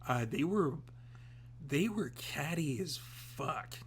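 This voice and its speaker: A man narrating a tabletop role-playing game as storyteller, slow and hesitant, with many fillers. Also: on the high side, expressive, slightly rough.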